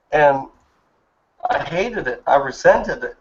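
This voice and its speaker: A man in his thirties speaks in casual chat, telling a story earnestly and with feeling. His voice sits a little high. The sound is muffled, lo-fi voice chat audio. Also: moderate pace, vocal fry. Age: 30s. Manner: earnest, emotional personal storytelling. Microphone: online voice chat.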